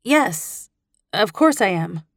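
A woman narrating a first-person audiobook in an intimate, expressive reading style. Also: mid-range voice, slow pace, no room sound, clean studio sound.

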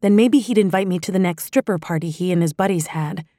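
A woman narrates a first-person audiobook with a warm, mellow tone that sits a little low. Her reading is measured and even, and the recording is dry and close. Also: no echo.

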